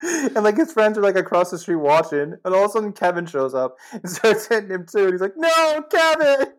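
Giggly, lively-voiced man co-hosting a podcast. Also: high-pitched, quick pace. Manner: laughs a lot, jumps in with excited asides. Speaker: podcast co-host. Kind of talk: casual movie chat.

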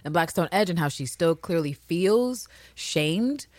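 A woman co-hosting a podcast, recapping a TV episode in a profane, animated way and acting out the characters as she goes. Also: fairly low pitch, unhurried, dry recording, studio quality. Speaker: podcast co-host. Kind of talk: casual recap chat.

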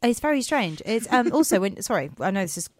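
A woman's voice: medium pitch, big pitch swings, fast, dry recording. A woman, co-hosting a podcast in casual, rambling chat and laughing at herself. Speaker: podcast co-host.

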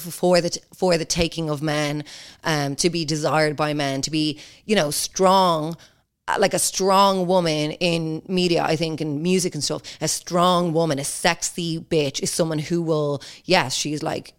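A young woman hosting a podcast in casual, blunt, sweary chat, acting out quotes in mocking voices. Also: deep voice. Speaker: podcast host.

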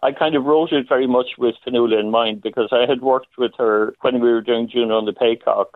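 A man, a playwright, talks thoughtfully about his play, pausing often and laughing now and then. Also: medium pitch, fairly even intonation, no echo. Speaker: playwright guest. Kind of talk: phone interview. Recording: tinny phone line.

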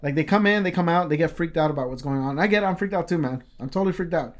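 A man's voice: on the high side, racing. A man telling a story in casual chat, rambling with lots of fillers and swearing freely.

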